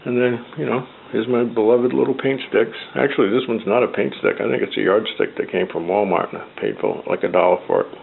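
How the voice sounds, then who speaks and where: A man's voice: medium pitch, fairly even intonation, fairly quick, gravelly, hardly any pauses. A man with a New England accent casually narrating a DIY build, rambling as he works with his hands. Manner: rambling, talks while working with his hands. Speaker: hobbyist builder. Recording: tinny phone-like audio with faint noise.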